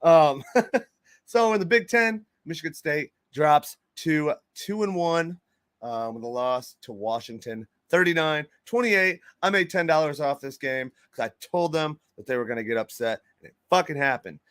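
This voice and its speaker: A man's voice: fairly high pitch, expressive, normal speed, a bit bright, no room sound. A man hosting a casual morning show, chatting loosely and laughing often as he recaps sports scores. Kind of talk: casual chat.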